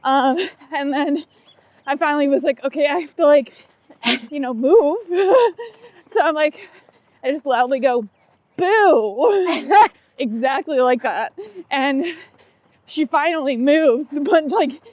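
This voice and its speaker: A woman's voice: high voice, measured pace, long pauses, no echo, narrow, tinny audio. A woman co-hosting a casual running podcast, chatty and giggly, full of likes and ums. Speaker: podcast co-host. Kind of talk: casual chat.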